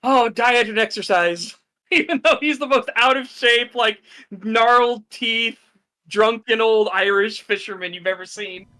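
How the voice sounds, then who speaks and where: Bright, high-voiced excited male host. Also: unhurried. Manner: excited, profane retelling. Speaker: streamer host. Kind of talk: casual podcast chat.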